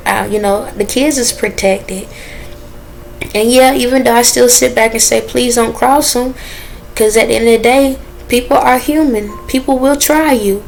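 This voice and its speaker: Woman vlogger, slightly high voice, earnest and preachy, addressing viewers as y'all, faint hiss. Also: poor audio. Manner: dialect grammar, drawn-out phrasing. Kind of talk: casual direct-to-camera talk.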